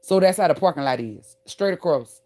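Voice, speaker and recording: Animated, profane woman telling a story. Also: low voice, normal speed. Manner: animated, profane and emphatic, calling viewers "y'all" and "baby". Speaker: online creator. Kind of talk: storytime monologue to viewers.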